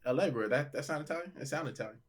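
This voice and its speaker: A man's voice: a little high, expressive, very fast. A man who is a comedian, guest on a podcast, talking in a laid-back, joking and teasing way. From Nigeria. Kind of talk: casual chat.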